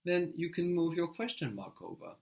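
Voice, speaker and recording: A man teaching a language lesson, prompting a learner and repeating answers slowly and patiently. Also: on the high side, sing-song, vocal fry, a little mellow.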